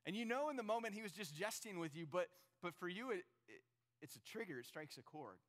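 A man's voice: high-pitched, very animated, brisk, fairly bright tone. A man preaching a sermon to his congregation, earnest and storytelling, speaking straight to the listeners. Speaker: pastor. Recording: long reverb of a large hall.

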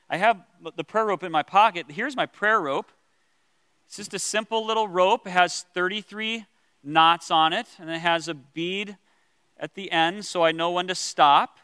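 A man teaching as a pastor about prayer, earnest and gentle, with pauses and restarts. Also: high-pitched, clean tone, no echo, long reverb tail.

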